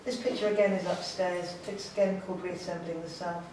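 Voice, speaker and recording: A woman's voice: on the low side, steady tone, fairly quick, distant mic, noisy background. A woman artist giving an informal, enthusiastic gallery talk to an audience, chatty and self-deprecating. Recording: very echoey room, voice from afar.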